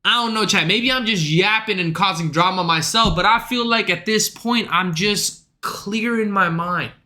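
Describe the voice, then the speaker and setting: Streamer guy ranting to chat, high and bright voice, swears a lot, keeps rambling. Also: moderate pace. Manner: profane, exasperated, rambling.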